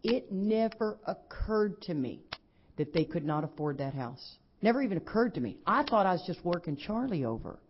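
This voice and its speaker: A middle-aged woman, giving a lively personal testimony at a recovery convention and acting out what others said. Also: lowish voice, normal speed, a little hiss or hum. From Texas. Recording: dull lo-fi convention recording.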